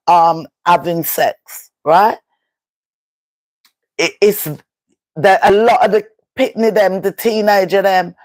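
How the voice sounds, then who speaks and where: A Jamaican woman talks on a live stream in a slow, unhurried patois-laced chat, full of emphatic rhetorical questions. Her voice sits at a middle pitch, and the sound is close and dry. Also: darkish tone, no echo. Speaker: vlogger.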